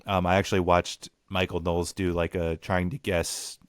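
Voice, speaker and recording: A man's voice: low-pitched, level tone, normal speed, clear, resonant tone. A young man hosting a casual podcast chat, ranting bluntly and swearing. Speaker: podcast host.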